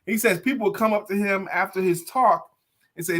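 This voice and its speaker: A man's voice: sits high, a little fast, fairly bright tone. A man co-hosting a talk show, reacting with enthusiasm and retelling advice in a casual way. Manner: enthusiastic, exclaiming. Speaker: co-host, sales coach. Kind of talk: casual chat.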